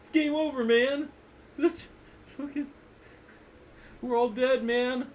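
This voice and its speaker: A man imitating a panicking male space marine in a shrill, frantic voice. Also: fairly even intonation, slow pace, darkish tone, a little hiss or hum. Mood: panicked.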